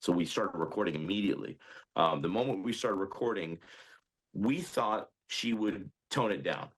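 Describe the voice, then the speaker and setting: A man telling what happened in an interview, hesitant, with many pauses and ums. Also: sits low, fairly bright tone, breathy edge. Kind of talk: recounting an incident in an interview.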